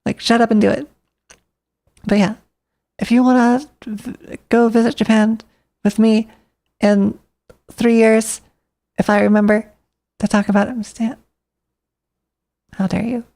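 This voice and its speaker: A woman's voice: on the high side, little pitch movement, unhurried, pauses often, mellow. A woman streamer chatting casually, rambling and thinking aloud to herself.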